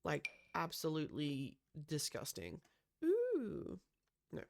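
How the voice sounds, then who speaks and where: Chatty woman with a gravelly edge. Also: deep voice, wildly swooping pitch, takes it slowly. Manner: chatty, lots of "um" and gasps. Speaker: Sims builder. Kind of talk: casual gameplay commentary.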